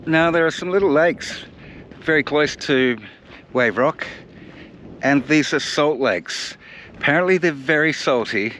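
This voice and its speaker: Out on location, a man narrates his travels straight to the camera, chatty and self-mocking in the style of a casual vlog. His voice sits a little high, moves a little slowly with long pauses, and competes with loud background noise in the outdoor recording.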